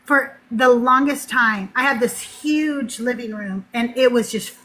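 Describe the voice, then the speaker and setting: Middle-aged lady host telling a story, chatty, laughs a lot, high bright voice. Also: unhurried, poor audio. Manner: chatty, laughs often, acts out quoted voices. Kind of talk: casual storytelling chat.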